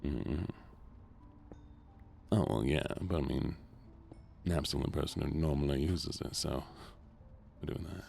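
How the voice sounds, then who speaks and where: A soft-spoken man with a Southern US accent, chatting with viewers during a relaxed gaming stream. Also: very deep voice, a little slow, creaky, pauses often, faint music behind. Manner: relaxed, chatting to viewers between game moments.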